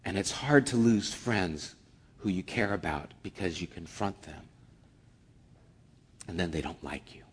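A man preaching from the pulpit in an earnest pastor's voice. He leans hard into his points, then falls quiet, nearly whispering. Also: low-pitched, lively intonation, a little slow, pauses often, husky. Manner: earnest, swings from forceful emphasis to hushed near-whispers. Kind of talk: sermon.

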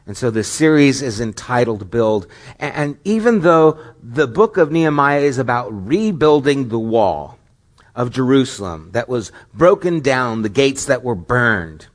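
A man's voice: mid-range voice, very animated, unhurried. A middle-aged man preaching a sermon as pastor, earnest and questioning, with rising emphatic stretches.

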